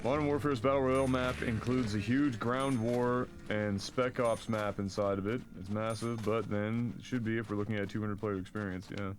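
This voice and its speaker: A man's voice: lowish voice, steady tone, normal speed, few pauses, slight background noise. A man streaming a co-op game, chatting casually and reading news aloud with frequent fillers and swearing. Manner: profane, jokey, reads with frequent fillers.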